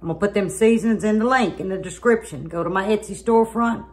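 A woman, chatting folksy and warm to her viewers while she cooks in her kitchen. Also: mid-range voice, fast talker. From southern United States. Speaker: home cooking vlogger. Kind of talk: casual cooking demonstration. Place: home kitchen at the stove.

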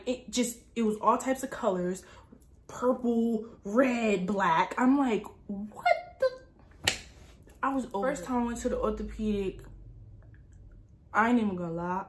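A young woman vlogger telling a personal story in a casual, animated way, full of asides. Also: a little high. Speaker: lifestyle vlogger.

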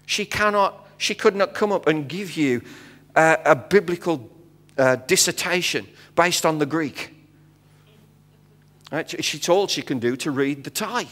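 A man's voice: a little high, measured pace. British man preaching in a reverberant church. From Britain. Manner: animated storyteller acting out dialogue, frequent fillers. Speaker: guest missionary speaker. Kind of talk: storytelling sermon. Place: church sanctuary. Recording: long hall reverb.

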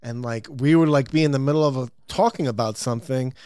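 A man's voice: mid-range voice, fast talker, a little mellow, no room sound, clean studio sound. A man hosting a podcast, telling stories in casual chat with lots of swearing and laughter. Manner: swearing, storytelling, laughing often. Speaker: podcast host. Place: studio.

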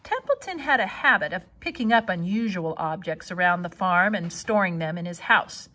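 A woman reading a children's novel aloud with expressive storytelling. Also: fairly low pitch, moderate pace. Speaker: reader.

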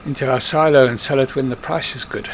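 A man's voice: medium pitch, steady tone, fast, slight background noise. A man giving casual commentary while playing a farming game, chatting to himself and scolding the computer-driven workers. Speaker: let's play host.

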